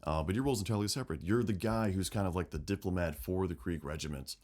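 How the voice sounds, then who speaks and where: A man's voice: low voice, quick pace. A man co-hosting a casual podcast chat about a game setting, swearing freely and acting out characters' lines. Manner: animated, swearing, acts out quotes. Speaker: podcast co-host.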